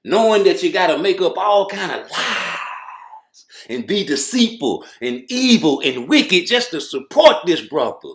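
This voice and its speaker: A man's voice: high voice, big pitch swings, measured pace, fairly bright tone, echoey room. A man giving blunt, profane, mocking commentary in a ranting style. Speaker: boxing commentator.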